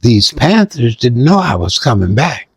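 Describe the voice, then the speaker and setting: A man's voice: mid-range voice, a little slow, slightly rough, dry recording. Older man telling stories animatedly. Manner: lively, acts out sounds and voices. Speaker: interviewee. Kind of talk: animated storytelling.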